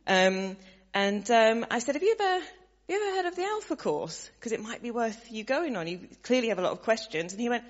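A woman sharing a story with a church gathering, animated and laughing, acting out the voices of the people in it. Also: fairly high pitch, a little fast. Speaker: church member sharing a testimony. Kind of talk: casual storytelling to a congregation. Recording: dull sound, long hall reverb.

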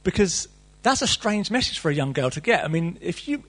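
Male preacher, middle-aged, husky, lively sermon delivery with playful asides. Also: high voice, fairly quick. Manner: reads scripture then riffs animatedly, playful asides.

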